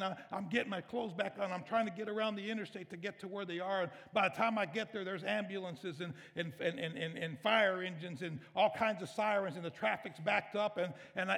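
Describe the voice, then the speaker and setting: Emotional preacher in echoing hall. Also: male voice, high-pitched, gravelly, fairly bright tone. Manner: emotional, storytelling, conversational preaching. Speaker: pastor. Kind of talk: sermon. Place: church sanctuary. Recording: reverberant church hall.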